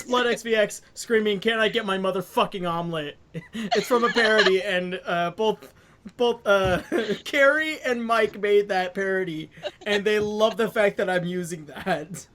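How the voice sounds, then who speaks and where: A game master in a casual tabletop session, joking and swearing among friends, then recapping the story with many pauses. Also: mid-range voice, a bit bright.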